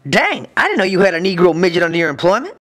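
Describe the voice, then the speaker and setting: A man playing a rowdy cartoon villain, fast talker, fairly high voice, lively swoops, crude and folksy. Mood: leering reminiscence. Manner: folksy, crude, exuberant storyteller. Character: lecherous rowdy male villain, Southern drawl. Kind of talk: cartoon comedy voice acting.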